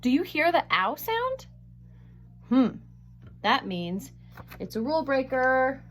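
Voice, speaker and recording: A woman teaching a phonics lesson, sounding out words slowly and carefully on a webcam microphone. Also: sits high, sing-song, fairly bright tone.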